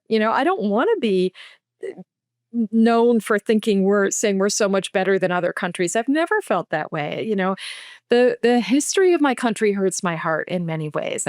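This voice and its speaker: A woman's voice: medium pitch, no echo. Earnest emotional woman, dry close sound. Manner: earnest and emotional, speaks slowly with feeling. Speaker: podcast guest, author. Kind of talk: heartfelt podcast conversation.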